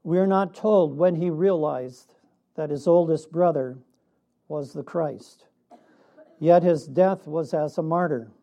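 A man preaching a sermon in a measured way, with a laugh now and then. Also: on the high side, mellow. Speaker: pastor.

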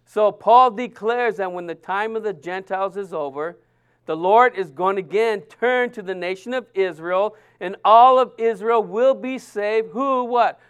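A man's voice: high voice, a little slow, fairly bright tone, clear, resonant tone, dull audio. A man preaching a sermon, earnest and emphatic, often restarting his sentences.

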